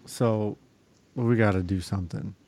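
At a measured pace and in a lowish voice, a man in his thirties carries on a long, casual story. He curses liberally, stays animated, and plays out other people's quoted remarks.

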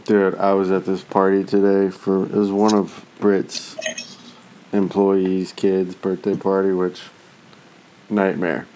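Profane man telling stories in a low, dark voice. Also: takes it slowly, a little hiss or hum, rough recording. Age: 30s. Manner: profane, animated storytelling with voiced asides. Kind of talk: casual chat.

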